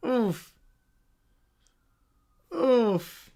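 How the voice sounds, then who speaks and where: A man's voice: very high voice, expressive, drawn-out words, vocal fry, dark tone. A man hosting a livestream, reacting aloud in casual chat and thanking viewers. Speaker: livestream host.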